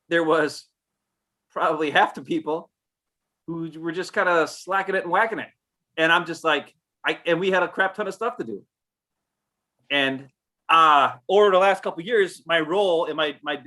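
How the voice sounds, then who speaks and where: Bright-voiced blunt man rambling. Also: fairly high pitch. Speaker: co-host. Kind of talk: casual live podcast chat.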